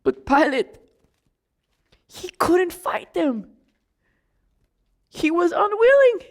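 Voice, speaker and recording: A woman's voice: very high voice, big pitch swings, drawn-out words, full character voice. A woman playing the young apostle John, a grieving and indignant man, in a dramatic first-person monologue, talking straight to the listener.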